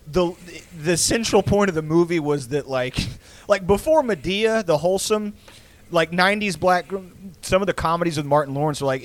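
A man's voice: on the high side, lively intonation, brisk. A man in casual podcast chat, rambling with lots of fillers, swearing and laughing often.

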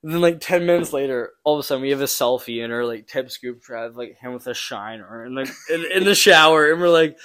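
A man's voice: mid-range voice, brisk, few pauses, a bit bright. A young man, a podcast guest, telling a story in a casual, rambling way, swearing often, laughing and using lots of fillers. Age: young adult. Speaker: podcast guest, junior hockey player.

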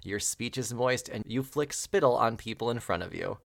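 A man's voice: medium pitch, normal speed, creaky. A man acting as game master, describing rolls and effects in a theatrical way. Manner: animated, theatrical. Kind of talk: running a tabletop game.

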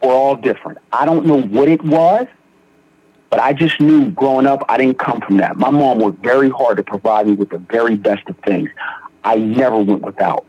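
Speaking at a moderate pace in a husky mid-range voice, a young Philadelphia man in recovery tells his story conversationally, full of slang and repeated starts. The recording is muffled, without echo.

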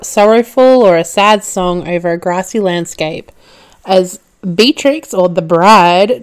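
A woman hosting a podcast, recapping a film casually, laughing often and swearing when excited. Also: mid-range voice, clean tone. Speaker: podcast host.

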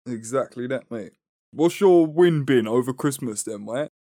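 A man's voice: mid-range voice, animated, a little slow, mellow, dry recording, clean studio sound. A young man with a London accent, co-hosting a casual podcast, laid-back and slangy, often repeating his words. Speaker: podcast co-host. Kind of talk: casual chat.

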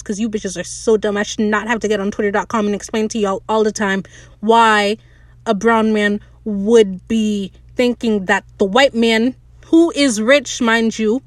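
A woman hosting a podcast, recapping a TV episode in a casual, excitable rant, swearing freely and talking straight to her listeners. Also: fairly high pitch, no echo.

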